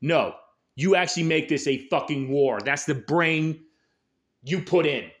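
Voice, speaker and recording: A man's voice: a little high, measured pace. A man hosting a show, delivering an angry, aggressive political rant full of swearing. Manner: angry, aggressive, heavy swearing, shouted peaks. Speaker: host.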